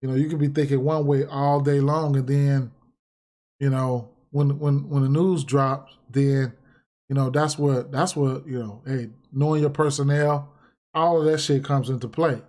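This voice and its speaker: A man's voice: medium pitch, fairly even intonation, a little slow, a little mellow. A man ranting casually and profanely on a livestream about sports bets, repeating himself and getting heated. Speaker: sports betting streamer.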